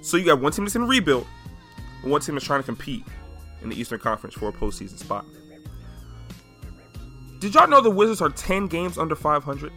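A man's voice: fairly high pitch, a little fast, long pauses, soft background music. A man in his twenties hosting a solo sports podcast, talking emphatically and hammering his points home with repetition. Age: 20s. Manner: emphatic, animated, repeating points for effect. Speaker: podcast host.

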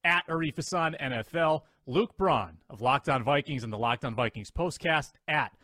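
A man's voice: medium pitch, expressive, moderate pace, bright, forceful tone, no room sound, studio quality. A man hosting a sports podcast with upbeat, joking energy, out of breath. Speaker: podcast host.

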